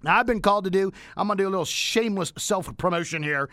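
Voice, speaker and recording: A man hosting a radio show, wrapping up with energetic, motivational promotion. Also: high voice, fast, no room sound, studio quality. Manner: energetic, preachy motivational delivery.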